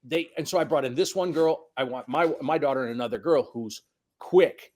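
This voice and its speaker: Animated middle-aged man telling coaching stories. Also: on the high side, normal speed. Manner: animated storyteller, acts out quotes, swears. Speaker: high school soccer coach, guest. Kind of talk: casual storytelling conversation.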